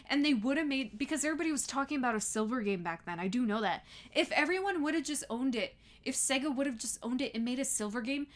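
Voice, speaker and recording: A twenty-two-year-old woman ranting heatedly and casually as a livestreamer, swearing often and laughing between lines. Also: high voice. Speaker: streamer reading chat.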